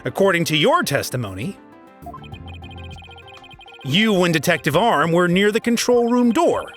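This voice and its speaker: A man's voice: high-pitched, sing-song, a little slow, soft background music. A man reading the lines of an earnest young male defense attorney, with a courtroom tone. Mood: reasoning. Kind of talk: dramatic reading of game dialogue.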